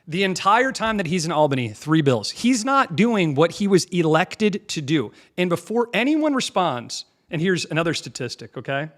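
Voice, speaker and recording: A young man hosting a political commentary show, combative and mocking, pausing to mimic clips he plays. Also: a little high, sing-song, a bit bright.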